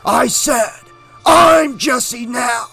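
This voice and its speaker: A man voicing a hoarse, sadistic scarred dream-killer in an audiobook, croaking out taunts. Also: very high-pitched, drawn-out words, faint music behind, voice pushed up, full character voice. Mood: taunting. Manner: taunting, shouted lines.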